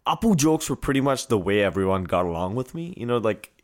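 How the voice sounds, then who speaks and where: Animated lower-voiced man. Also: fast. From India. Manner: animated, playful with points game. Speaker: podcast co-host. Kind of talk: casual chat.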